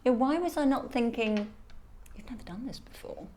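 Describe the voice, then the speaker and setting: A woman's voice: fairly high pitch, a little fast. A middle-aged woman, a model and guest, telling her life story animatedly and acting out what people said. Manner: animated storyteller who acts out quotes. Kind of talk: storytelling in a podcast interview.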